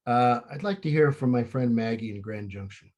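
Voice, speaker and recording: A man's voice: medium pitch, moderate pace, darkish tone. A man chairing a recovery meeting over a call, speaking in an ordinary middle register. He calls on each speaker with short, easygoing remarks. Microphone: online call.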